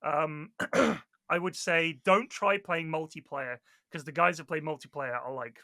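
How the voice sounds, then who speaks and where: Brief: man, podcast guest, high and very bright voice, dry close sound, swears freely. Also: measured pace, no room sound. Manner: animated storyteller, swears a lot, mimics other players. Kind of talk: casual podcast chat.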